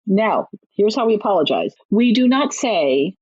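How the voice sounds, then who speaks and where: Woman guest on a parenting podcast, husky voice, blunt and chatty, kinda muffled lo-fi audio. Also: medium pitch, big pitch swings, darkish tone. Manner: candid, brisk and down-to-earth, with frequent laughs. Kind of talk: conversational advice in a podcast interview.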